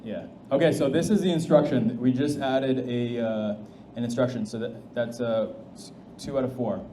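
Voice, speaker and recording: Casual man demoing software in an echoey hall. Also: mid-range voice, fairly even intonation, normal speed. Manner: casual, restarts often, thinks aloud. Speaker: presenter demoing AI agents. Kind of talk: live tech demo talk. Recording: echoey hall with faint noise.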